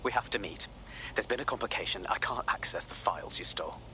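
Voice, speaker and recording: A low, grave spy handler. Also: male voice, fast talker, pushed and bright, a little hiss or hum. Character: calm male spy handler, grave and secretive. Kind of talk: video game voice acting.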